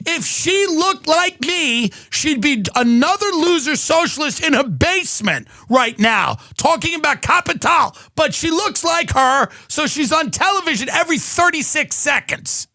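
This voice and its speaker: A man's voice: very high voice, sharp tone, no echo. A man doing a profane, sarcastic comedic rant, mocking and swearing as he goes.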